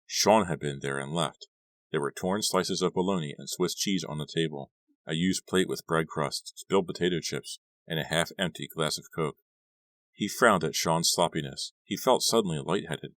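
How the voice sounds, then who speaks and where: A male audiobook narrator with a strikingly deep voice reads a novel in a steady, measured way. The recording is dry and close. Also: no echo. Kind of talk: scripted narration.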